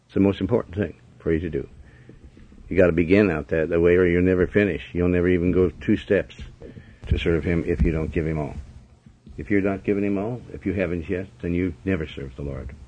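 A man's voice: low-pitched, steady tone, fairly quick, a little hiss or hum. A man preaching a sermon commentary in a blunt, scolding way, hammering his points with repetition. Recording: dull lo-fi recording.

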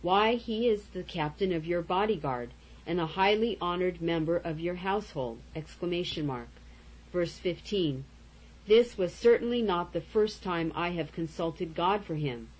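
A woman reading Bible verses aloud in a steady manner, calling out each verse number and even the punctuation marks. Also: fairly low pitch, breathy edge, rough recording. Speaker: scripture reader.

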